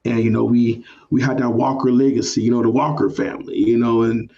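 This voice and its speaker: Podcast co-host, male, mid-pitch voice, slightly dull sound, reflective storytelling. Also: steady tone, a little fast, gravelly, dark tone. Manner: reflective, many "you know" fillers. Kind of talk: personal storytelling.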